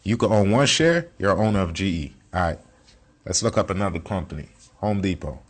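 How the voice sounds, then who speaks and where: A man's voice: low voice, animated, fairly quick. Blunt, slangy man teaching. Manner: blunt, slangy, profane, repeats points. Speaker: self-taught investing teacher. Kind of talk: casual screen-share lesson.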